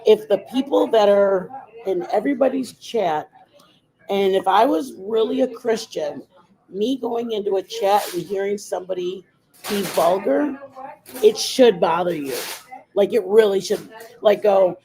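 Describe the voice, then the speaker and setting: A woman's voice: mid-range voice, expressive, a little slow, warm tone, rough recording. Chatty woman rambling on a makeup stream. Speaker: livestream host. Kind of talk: casual makeup livestream chat.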